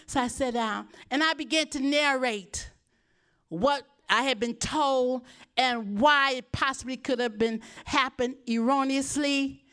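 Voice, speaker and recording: Talk with a high, bright voice, as a pastor telling your own story from the pulpit. Stay animated, address the congregation directly and slip into the voices of the people you describe. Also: female voice, unhurried, smooth. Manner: animated storyteller, laughing often, acting out voices. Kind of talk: sermon testimony storytelling.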